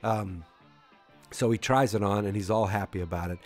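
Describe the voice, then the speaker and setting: A man's voice: on the low side, moderate pace, soft background music. A man hosting a podcast, recapping casually in a rambling way with many fillers and restarts. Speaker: podcast host.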